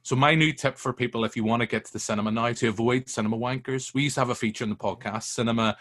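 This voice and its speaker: A man, telling stories as a guest in a casual film chat, animated and sweary. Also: medium pitch, racing.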